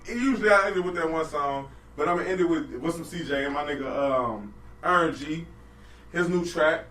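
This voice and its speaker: A man hosting a loose podcast, talking in slangy, profane, joking banter. His voice sits high and sounds bright and forceful. He is recorded off-mic in a roomy, echoey space. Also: brisk, far from the mic. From United States. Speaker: podcast host. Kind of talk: casual podcast chat.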